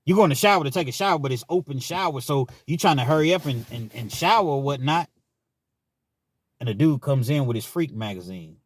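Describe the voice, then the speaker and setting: This casual monologue comes from a man out of Richmond, Kentucky, in the US, sharing stories from prison in a frank, easygoing way and often adding "man" at the end of sentences. His medium-pitched voice is animated and fairly quick, without echo.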